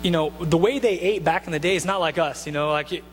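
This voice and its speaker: High-voiced pastor preaching in a reverberant hall. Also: male voice, fairly quick. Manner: animated, conversational preaching with asides and restarts. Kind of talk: sermon. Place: church sanctuary. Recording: long hall reverb with faint mains hum.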